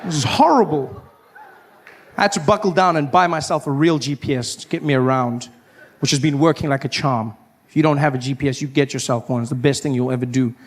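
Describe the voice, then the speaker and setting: A man from doing stand-up comedy, telling stories in an animated way and acting out scenes with loud outbursts. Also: medium pitch, brisk. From South Africa.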